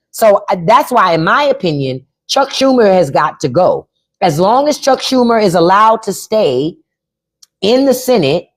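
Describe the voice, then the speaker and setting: Blunt, lively-voiced woman livestreamer. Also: medium pitch. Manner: blunt, profane, repeats herself for emphasis; reads out chat and spells names. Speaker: podcast host. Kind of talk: casual live-stream chat.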